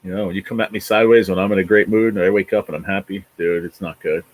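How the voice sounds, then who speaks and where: A man's voice: low voice, fairly even intonation, quick pace, dry recording, rough recording. A man in his forties from New Jersey, hosting a rambling, profane livestream chat with viewers. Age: 40s. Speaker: livestream host. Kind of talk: casual chat reading viewer comments.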